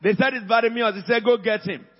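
High-voiced preaching man in an echoing hall. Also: fast, dull audio. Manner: preaching call-and-response, rising to shouts. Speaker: pastor. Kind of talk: sermon. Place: church hall.

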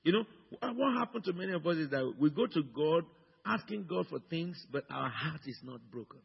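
A male pastor from Africa preaching a sermon with a husky, gravelly voice, swinging from low murmurs to loud, high exclamations. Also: lively intonation, fairly quick. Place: church in London. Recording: dull sound with long hall reverb.

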